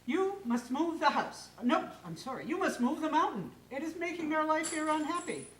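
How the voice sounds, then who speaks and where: A woman voicing an unhappy, insistent wife who talks in a high, bossy, urgent way. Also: big pitch swings, moderate pace, fairly bright tone, a little hiss or hum. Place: live stage in a hall. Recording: echoey hall from far off.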